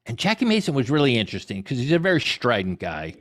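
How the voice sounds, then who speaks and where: A middle-aged man, a comedy historian answering audience questions in an animated, digressive storytelling way. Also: medium pitch, fast talker. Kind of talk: conversational Q&A talk.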